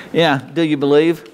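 A man's voice: fairly high pitch, slight background noise. A man preaching a sermon in a folksy, conversational way, often restarting phrases and chuckling. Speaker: pastor. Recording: reverberant hall.

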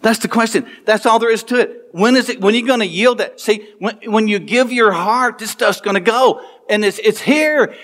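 Preaching animatedly from the pulpit, this high-pitched pastor laughs and slips in quick asides to his congregation.

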